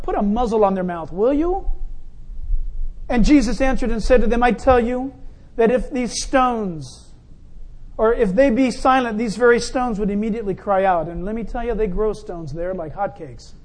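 Man, pastor, very high pitch, animated sermon, shifts between loud and hushed. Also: normal speed. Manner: animated preaching, acting out crowd voices.

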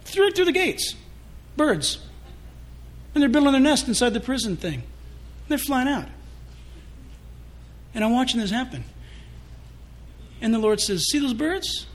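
High-voiced, animated preaching man. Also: unhurried, long pauses. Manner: animated, joking, confessional. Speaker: pastor. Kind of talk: sermon.

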